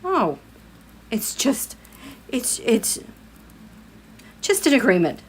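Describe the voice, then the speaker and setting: A woman giving a live-streamed tarot reading in an animated, exasperated way, speaking straight at the people she reads about. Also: on the high side, slow, slight background noise. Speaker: tarot reader.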